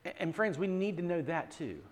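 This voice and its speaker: A man with a fairly high voice preaches to his congregation. He is earnest and restarts his words often, rising to loud emphasis and then dropping to near-quiet pleading. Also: lively intonation, a little fast. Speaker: pastor. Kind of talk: sermon.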